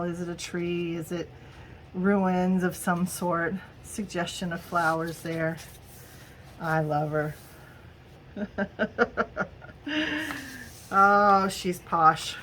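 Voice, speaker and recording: A middle-aged woman with a drawl talks casually to her viewers in a slightly low voice. She giggles often and calls everyone "y'all." A faint room hum sits under her voice. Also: fairly even intonation, slow, long pauses, a bit bright. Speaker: crafting vlogger. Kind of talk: casual haul video.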